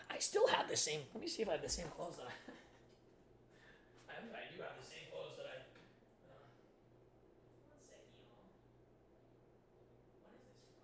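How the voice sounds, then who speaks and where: A man in his twenties telling a long personal story in a rambling, casual way, full of filler words. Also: fairly high pitch. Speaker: streamer.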